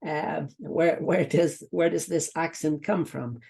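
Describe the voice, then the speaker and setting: Gravelly Dublin-accented business coach. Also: mid-range voice, fairly even intonation, slow, darkish tone. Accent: Dublin Irish. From Ireland. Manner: rambling, repetitive, breaks off into asides. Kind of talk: live online training session.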